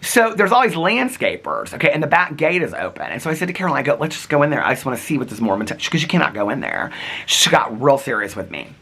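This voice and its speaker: A man tells a long, rambling story straight to the camera, full of asides and acted-out bits of dialogue. His pitch leaps and dips all over the place, and his voice is bright. He has the easy, casual manner of a daily vlogger. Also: fast, hardly any pauses, breathy edge. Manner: chatty, animated, rambling with asides.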